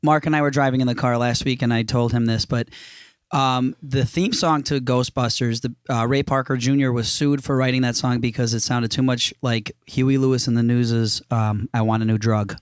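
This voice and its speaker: A man's voice: medium pitch, fairly even intonation, moderate pace, clean tone, no room sound. Male co-host, a bit under the weather, rambling joker, dry close studio mic. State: under the weather, throat clearing. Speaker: podcast co-host. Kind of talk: casual chat. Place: podcast studio.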